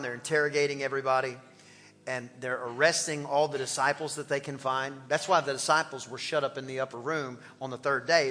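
A man preaching an animated, exclamatory sermon as pastor of a church. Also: medium pitch, in a large hall.

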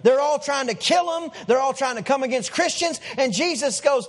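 A man preaching a sermon as pastor, telling Bible stories with animated acted-out lines. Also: very high voice, normal speed. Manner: animated storytelling, acting out characters' lines.

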